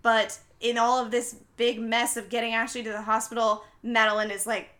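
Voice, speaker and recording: A young woman on a podcast, chatting casually and retelling a film's plot, acting out the characters' lines with big jumps in her voice. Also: fairly quick. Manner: acts out characters' lines with lively pitch jumps. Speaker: podcast host recapping a film. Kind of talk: casual chat, animated retelling.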